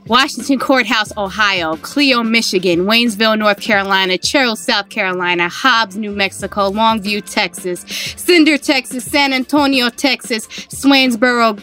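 Bright, teasing young woman. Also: on the high side, normal speed, few pauses, faint music behind. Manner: teasing, playful, blunt with swearing. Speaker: podcast co-host. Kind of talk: casual chat.

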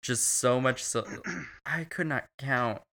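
A man's voice: medium pitch, slow pace, pushed and bright. A man co-hosting a casual, crude film recap chat, profane and laughing often. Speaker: podcast co-host.

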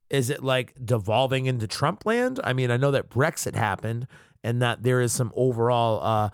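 A man's voice: mid-range voice, dry recording. Dude ranting on his podcast, swears a ton, voice jumps all over, dry close sound. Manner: animated, swearing, mock-outraged. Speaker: podcast host. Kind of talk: profane ranting commentary.

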